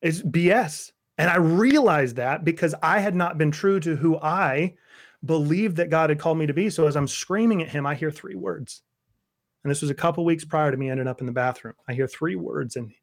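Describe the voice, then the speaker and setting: A man sharing his personal story in an interview, earnest and intense, dropping to a soft low voice and then building to emphatic outbursts. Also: normal speed. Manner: intense, voice drops low and soft in tender moments.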